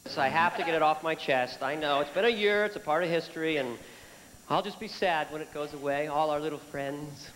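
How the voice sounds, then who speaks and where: A middle-aged man performing a stand-up comedy set, telling stories in an animated way and jumping into voices. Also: fairly high pitch, a little fast, over music. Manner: animated storytelling, jumps into voices and characters. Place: large hall before a live audience. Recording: live hall with reverb and loud noise.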